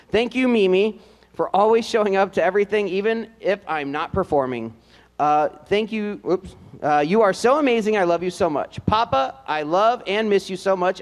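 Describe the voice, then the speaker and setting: A man announcing seniors at a live school band event, reading their notes aloud with fillers and light joking asides. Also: high voice. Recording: long hall reverb.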